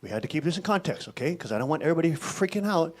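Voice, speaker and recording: A male pastor delivering a sermon in an emphatic, scolding and animated way. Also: fairly high pitch, very fast.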